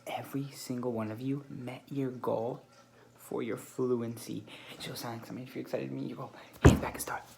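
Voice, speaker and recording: A male teacher giving calm, deliberate directions to a small group of children at a classroom table, narrating and praising their behaviour as he goes. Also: medium pitch, vocal fry, background noise.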